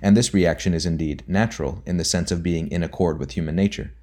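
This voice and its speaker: A man with a very low, deep voice reads a nonfiction book aloud for an audiobook. His delivery is measured and deliberate. His voice sinks quietly whenever he marks off a quotation. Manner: measured, deliberate reading that drops softly on quote markers. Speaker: audiobook narrator. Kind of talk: scripted reading of a nonfiction book.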